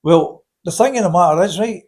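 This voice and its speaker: A Scottish man answering questions in a casual interview, blunt and forceful, often tagging on "right?". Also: sits high, brisk, slightly rough. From Scotland. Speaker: interviewee, campaigner.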